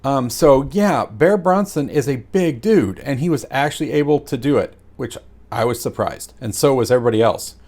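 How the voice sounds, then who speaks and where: A man giving a casual, rambling review of a wrestling show, excitable and full of fillers. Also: medium pitch, moderate pace.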